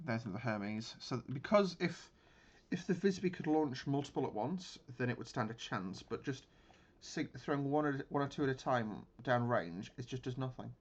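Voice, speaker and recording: A man's voice: mid-range voice, expressive, moderate pace, hardly any pauses, highs cut off. A man giving casual gameplay commentary on a naval battle game, thinking aloud with frequent restarts. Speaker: gaming channel host.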